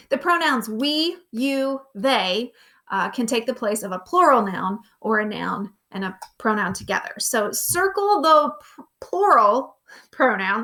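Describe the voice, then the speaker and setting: A woman with a somewhat high, slightly bright voice records a remote lesson walkthrough for her grade-school class. She is patient and keeps asking the children simple questions as the lesson unfolds.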